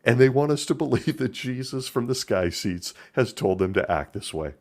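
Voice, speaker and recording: A man hosting a podcast, giving sarcastic commentary and often chuckling as he talks. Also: fairly low pitch. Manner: sardonic, laughs often. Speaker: podcast host.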